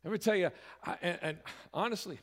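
A man's voice: high-pitched, a little fast, fairly bright tone. A middle-aged man, a pastor giving a folksy, conversational sermon that swells into emphatic bursts. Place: church sanctuary. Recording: reverberant church hall.

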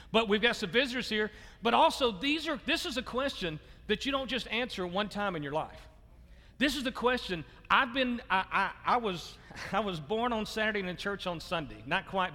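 A man's voice: high voice, bright, forceful tone, in a large hall. A man preaching a sermon to his church in a loose conversational way, repeating words as he restarts and chuckling often. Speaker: pastor. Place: church sanctuary.

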